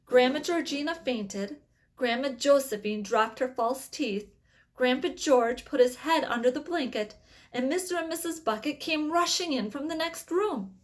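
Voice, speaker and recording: A woman's voice: high voice, moderate pace. A woman reading a children's book aloud in plain storytelling, with small slips now and then. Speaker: reader.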